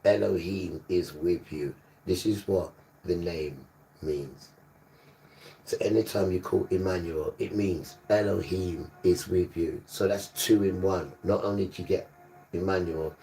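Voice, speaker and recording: Gravelly, low-voiced emphatic preacher man. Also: fairly even intonation, measured pace, mellow, far from the mic, slight background noise. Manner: emphatic, repetitive, scolding. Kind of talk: livestreamed sermon.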